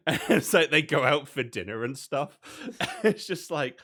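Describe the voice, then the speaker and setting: A man's voice: mid-range voice, lively intonation, normal speed, fairly bright tone. A young man co-hosting a casual podcast, who laughs often and retells scenes with energy. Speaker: podcast co-host. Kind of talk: casual chat.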